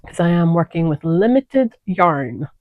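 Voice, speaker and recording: A woman hosting a crafting chat in an unhurried voice, taking her time over each thought. She talks casually, doubles back on her words and corrects herself as she goes. The sound is dry and close, with no room around her. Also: lowish voice, big pitch swings, no echo, narrow, tinny audio. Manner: chatty, digressive, self-correcting. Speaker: knitting podcast host. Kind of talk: casual chat showing knitting projects.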